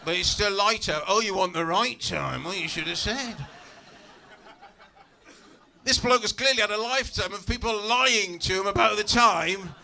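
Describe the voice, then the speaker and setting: A man performing a stand-up comedy set in a comedy club, telling stories in a lively, exasperated way with asides to the crowd. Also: high-pitched, moderate pace, pauses often.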